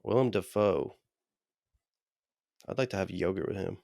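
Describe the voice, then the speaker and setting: A man co-hosting a podcast with a gravelly, rough-edged voice. He delivers crude jokes in a flat, deadpan way. The sound is dry and close, from a remote call mic. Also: deep voice, normal speed, no room sound. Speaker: podcast co-host. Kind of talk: casual crude banter.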